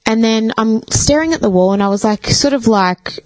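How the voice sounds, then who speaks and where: A woman's voice: on the high side, moderate pace, no echo, rough recording. A woman, a podcast guest telling a personal story in casual chat, swearing freely and filling with "like". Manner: chatty, swears freely, fills with "like".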